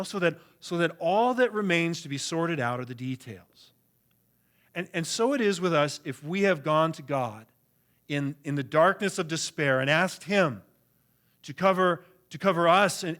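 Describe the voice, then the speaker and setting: A man's voice: high-pitched, a bit bright. A pastor preaching a sermon in an earnest, emphatic way, often repeating words as he goes. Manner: earnest, emphatic preaching with frequent word repetitions.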